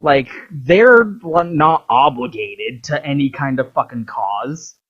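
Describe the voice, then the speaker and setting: Husky, heated, swearing vlogger. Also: medium pitch, expressive, takes it slowly, a bit bright. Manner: profane, heated, filler-heavy. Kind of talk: casual ranting monologue. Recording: dull lo-fi recording.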